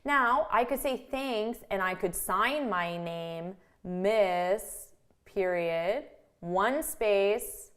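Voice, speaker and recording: A woman's voice: medium pitch, extremely slow, a bit bright. A woman teaching an English writing lesson, explaining each point step by step and checking in with "right?" and "okay?". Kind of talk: online grammar lesson.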